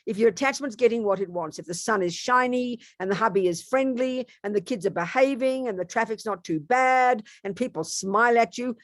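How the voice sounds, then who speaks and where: A woman's voice: no room sound, studio quality. A woman, a Buddhist nun, giving an emphatic, conversational dharma talk full of rhetorical questions. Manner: emphatic, animated, wide swings in pitch and loudness; conversational, repeats herself and asks rhetorical questions.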